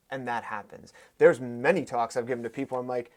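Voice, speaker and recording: A man in his thirties speaks as a podcast guest in an animated conversational way, with a pitch in the middle range. He tells stories with emphasis and speeds up in quick bursts. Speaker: podcast guest, fight coach. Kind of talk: conversational storytelling.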